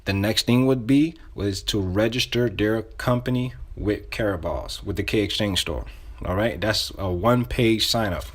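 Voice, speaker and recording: A man's voice: fairly low pitch, moderate pace. Man casually coaching phone sales. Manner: repetitive, acts out sample phone calls; loose, conversational phrasing with restarts. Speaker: sales trainer. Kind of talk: casual instruction.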